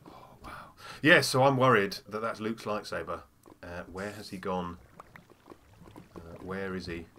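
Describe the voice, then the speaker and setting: A man's voice: low voice, unhurried, bright, forceful tone, a little hiss or hum. A man giving casual let's-play commentary, chatty and full of "oh dear" asides. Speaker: gamer.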